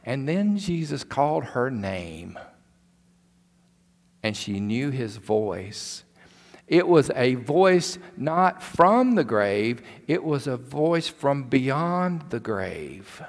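A male pastor preaching a sermon in a church, retelling a story with emphatic repetition. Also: fairly high pitch. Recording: long hall reverb.

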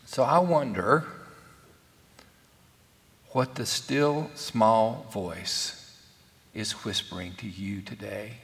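A man preaching a conversational sermon as pastor, filling pauses and asking rhetorical questions, recorded live in a church sanctuary. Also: on the low side, vocal fry, fairly bright tone. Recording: live church broadcast with long reverb.

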